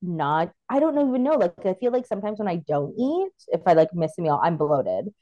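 Animated, blunt woman who swears freely. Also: lowish voice, a little fast, no room sound, dull audio. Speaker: podcast co-host. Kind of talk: casual chat with a friend.

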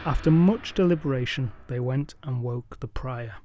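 A man narrating a folk tale with a measured, dramatic and wryly humorous delivery. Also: medium pitch, background noise. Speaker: storyteller. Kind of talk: scripted storytelling narration.

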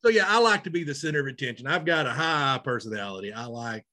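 A man, co-hosting a podcast in casual chat, animated and self-mocking. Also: medium pitch, fast. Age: 30s. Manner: animated, loud, self-mocking, laughs often. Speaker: podcast co-host.

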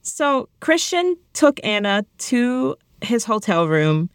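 A woman's voice: fairly high pitch, big pitch swings, slow, clean tone, no room sound, clean studio sound. Blunt joking woman recapping a movie. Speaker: podcast co-host. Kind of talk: casual chat recapping a movie.

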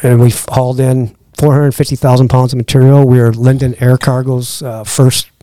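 Middle-aged guy spinning a yarn on a podcast, mellow voice, dry close sound, acts out all the dialogue. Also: mid-range voice, brisk, no room sound. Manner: lively anecdote-teller who acts out quoted dialogue. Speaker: podcast guest, lodge owner. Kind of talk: casual storytelling.

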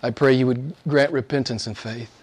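A man preaching a sermon and praying to a live congregation, earnest, slowing down and stretching key words for emphasis. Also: mid-range voice, steady tone.

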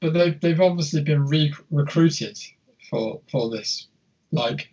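Young male co-host, husky and slightly high-voiced, loose and sweary, on a dull lo-fi recording. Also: takes it slowly, a little mellow. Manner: rambling, swears a lot, many restarts. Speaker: podcast co-host. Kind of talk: casual film chat.

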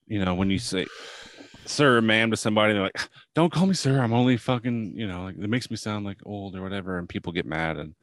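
Rambling low-voiced man in his late thirties. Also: steady tone, fairly bright tone, no echo. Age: late 30s. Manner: rambling, halting, profane storytelling. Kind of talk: casual chat.

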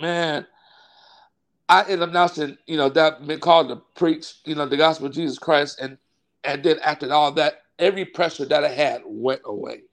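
Pastor guy from california, kinda high voice, rambling heartfelt story w lots of fillers. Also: normal speed. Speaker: Baptist pastor. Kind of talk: casual interview storytelling.

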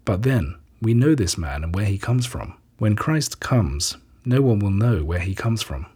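Guy reading as wondering townsfolk, low husky voice, asking questions. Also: sing-song, unhurried, warm tone, full character voice.

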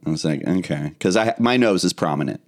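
A man co-hosting a casual music podcast, talking in a relaxed, offhand way and sharing background facts. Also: deep voice, fast. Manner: relaxed, offhand, does the research. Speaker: podcast co-host. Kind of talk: casual chat.

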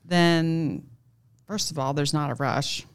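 A woman's voice: deep voice, slow pace, clear, resonant tone. A woman in casual book-club chat, thoughtful and a little self-deprecating. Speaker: book club podcast host.

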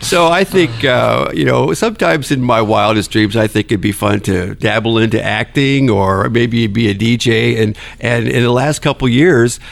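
A man, a nurse anesthetist, chatting as a podcast guest in a relaxed, folksy way and giving advice. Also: medium pitch, moderate pace, vocal fry, hardly any pauses. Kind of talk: casual interview chat.

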